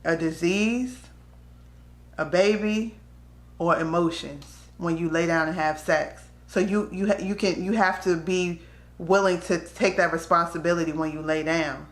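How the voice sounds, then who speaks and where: Woman vlogger, low-pitched and candid, talking straight to camera in a roomy, echoey space. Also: a little slow. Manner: candid, conversational, slips into quoted voices. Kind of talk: casual storytelling to camera. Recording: echoey room.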